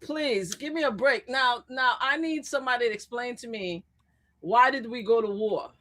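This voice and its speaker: A woman calling in as a guest on a live stream, talking loud, animated and sassy in casual political chat. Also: on the high side, moderate pace. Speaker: guest commentator.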